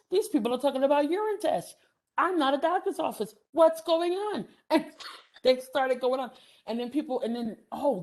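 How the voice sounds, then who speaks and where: A middle-aged woman gives a storytelling lecture, animated, laughing often and using many "um" fillers. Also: on the high side. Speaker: housing development speaker.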